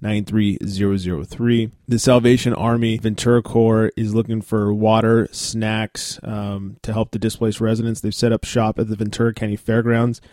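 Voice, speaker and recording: A man hosting a casual podcast with a raspy morning voice and a sore throat, reading out listings with fillers and asides. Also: lowish voice, little pitch movement, moderate pace, hardly any pauses, darkish tone, no room sound, clean studio sound. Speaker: podcast host.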